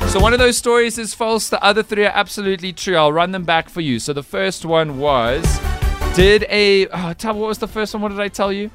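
A male radio host runs a quiz with playful, teasing banter, his voice a touch high. Light music plays behind him in the studio. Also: fairly even intonation, fairly quick. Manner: teasing quizmaster.

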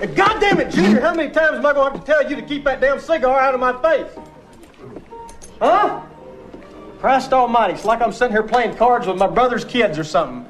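An actor playing a hot-tempered gambler who talks in a loud, cursing, blustery way. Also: male voice, very high voice, expressive, brisk, faint music behind. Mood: blustering.

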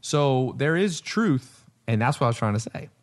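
A man's voice: mid-range voice, expressive, moderate pace. A man hosting a podcast, chatting casually and rambling through stories, acting out the lines of people in them. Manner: rambling storyteller, acts out quotes. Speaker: podcast host. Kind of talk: casual chat.

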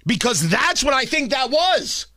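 A man's voice: very high-pitched, big pitch swings, unhurried, sharp tone, no room sound, clean studio sound. A man hosting a political commentary show, sarcastic and emphatic, needling his target. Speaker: commentary host.

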